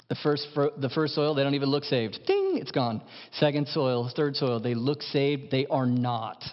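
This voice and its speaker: A man preaching a sermon as pastor, impassioned, dropping to hushed lines and rising to emphatic ones. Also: on the high side, lively intonation, moderate pace. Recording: dull sound in a large reverberant hall.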